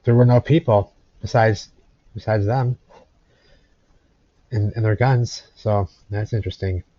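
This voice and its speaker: A man's voice: fairly even intonation, a little slow, no echo. A man rambles through old photographs in casual commentary. He circles back and repeats phrases. The recording is dry and a little dull. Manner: rambling, repeats phrases, talks to his cat in a high cooing voice. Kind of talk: casual commentary over pictures. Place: indoors at home.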